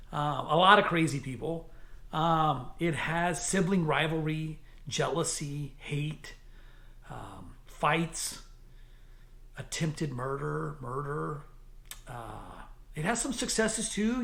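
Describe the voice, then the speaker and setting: A man giving a casual, enthusiastic spoken book review, chatty, with many fillers and restarts. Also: fairly high pitch. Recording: echoey room.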